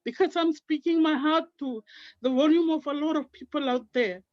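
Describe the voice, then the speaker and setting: High-voiced heartfelt woman. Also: normal speed, no echo, muffled recording. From Papua New Guinea. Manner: heartfelt and earnest, fervently religious. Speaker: team member sharing her story. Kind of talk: emotional personal testimony on an online call.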